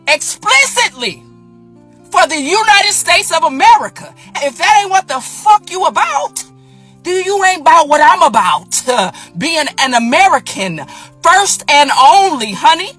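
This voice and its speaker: A woman's voice: high-pitched, a bit bright. A woman giving a sassy, defiant, emphatic rant in a casual video, laughing between points. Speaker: social media commenter.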